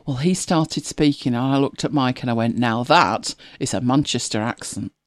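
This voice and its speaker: A woman from northern England co-hosts a casual chat, telling stories full of laughing asides. Her voice is bass, she speaks at normal speed, and there's no echo.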